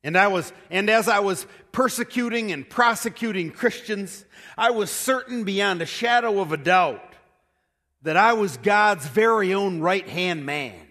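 A man's voice: high voice, lively intonation, a little slow, pushed and bright, exaggerated voice. A man doing a boastful preacher, dramatic in a big reverberant hall. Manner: showy, dramatic storytelling. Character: boastful confident male preacher recounting conversion. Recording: long church hall reverb.

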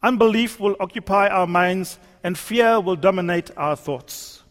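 A male preacher delivering a sermon in a church, using rhetorical repetition and emphatic pauses. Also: high-pitched, fairly bright tone. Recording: long hall reverb.

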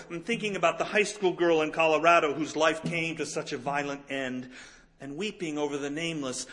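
Bright-voiced male preacher. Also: a little high. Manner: rises to emphatic peaks, drops soft and slow. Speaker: pastor. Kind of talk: sermon.

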